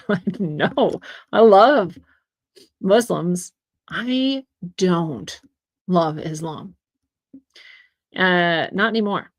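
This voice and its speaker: A woman's voice: fairly low pitch, extremely slow, long pauses, dry recording, clean studio sound. A woman hosting her own show, reading out articles and commenting in a chatty way, laughing often between points. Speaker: podcast host.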